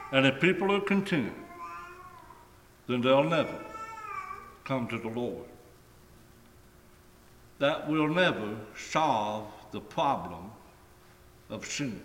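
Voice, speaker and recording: A man preaching a sermon in a deliberate, emphatic way, stretching key phrases and letting them fall away at the ends. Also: medium pitch, sing-song, fairly bright tone, slight background noise. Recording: echoey hall with long reverb.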